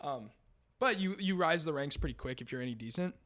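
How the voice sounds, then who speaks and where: Slightly high-voiced young man from Virginia. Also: animated, a little fast, a bit bright. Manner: loose, peppered with "like" and "dude". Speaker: comedian guest. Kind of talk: casual podcast chat.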